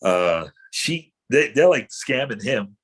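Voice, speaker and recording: A man's voice: mid-range voice, very animated, slow pace, husky. A middle-aged man, an actor guest, telling rambling anecdotes in casual chat with many fillers and restarts.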